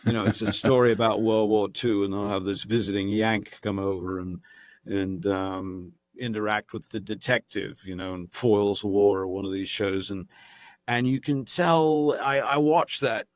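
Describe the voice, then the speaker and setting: Middle-aged male guest, Southern Californian, lowish voice, dry and close, animated storytelling with frequent restarts. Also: moderate pace, dry recording. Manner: lively storyteller, restarts often. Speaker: guest actor and impressionist. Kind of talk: casual podcast chat.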